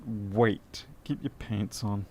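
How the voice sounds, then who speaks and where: A man's voice: fairly low pitch, slow pace, mellow, slight background noise. A tired man streaming a late-night electronics repair, muttering as he works and answering live chat with dry, self-deprecating remarks.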